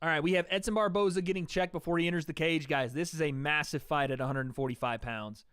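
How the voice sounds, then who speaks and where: Man, livestream fight commentary, chatty, swearing, somewhat high voice, dry close sound. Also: fairly even intonation, fast, a bit bright, smooth, no echo. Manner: chatty, swears freely, talks to chat between calls. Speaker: livestream host. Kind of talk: fight watch-party commentary.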